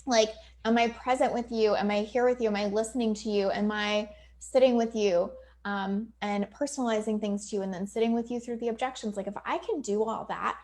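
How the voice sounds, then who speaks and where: A woman's voice: fairly high pitch, fairly even intonation, fairly quick, a little mellow. A woman coach talking casually to viewers on a live video, emphatic and chatty with lots of fillers, now and then swearing. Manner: acts out quoted client voices. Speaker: business coach.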